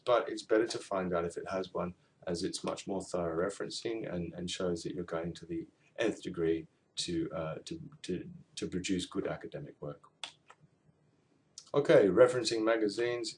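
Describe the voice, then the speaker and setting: A man giving a recorded university lesson on referencing, explaining step by step with fillers and self-corrections. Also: fairly low pitch. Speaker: university tutor. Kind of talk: recorded lecture on assignment referencing.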